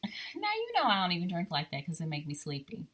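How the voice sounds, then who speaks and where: Woman co-host, easygoing and giggly, animated pitch, bright. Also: quick pace. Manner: agreeable, laughs often, reads list items aloud. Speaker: podcast co-host. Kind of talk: casual chat.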